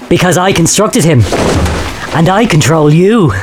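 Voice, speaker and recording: Man as a menacing, insinuating doctor, lively pitch swings, faint noise behind; comic audio play. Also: takes it slowly. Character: sinister manipulative male doctor.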